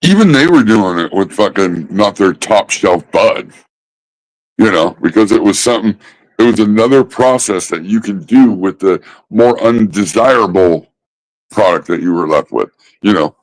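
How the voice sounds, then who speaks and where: A man ranting casually about smoking habits, swearing constantly and mocking others with drawn-out pauses. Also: lowish voice, animated, low-quality recording. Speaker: host. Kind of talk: casual profane rant.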